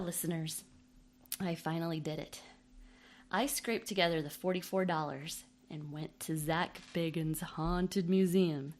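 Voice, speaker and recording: A woman hosting a comedic podcast, reading listener mail in a playful, jokey, self-mocking way. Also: fairly low pitch. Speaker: podcast host.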